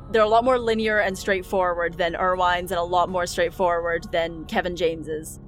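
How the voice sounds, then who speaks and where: A woman narrating as dungeon master in a tabletop game, vivid and playful. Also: medium pitch.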